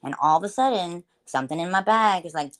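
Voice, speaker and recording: Woman co-host with a somewhat low voice, candid and bawdy, full of jokes. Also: expressive, fast. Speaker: podcast co-host. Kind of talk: casual chat.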